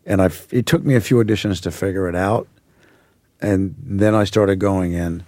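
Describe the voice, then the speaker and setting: Deep mellow guy in his 40s, american accent, rambly storytelling, dry studio sound. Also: moderate pace, dry recording. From Australia. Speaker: actor guest. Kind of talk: relaxed interview chat.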